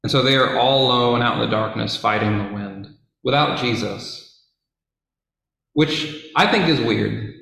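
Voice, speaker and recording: A man retells a Bible story in a relaxed, chatty way, full of fillers and playful asides. His voice sits at a middle pitch. The recording is very echoey, as if made in a bare room. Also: unhurried, gravelly. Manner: casual, conversational, with fillers and asides. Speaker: Bible teacher.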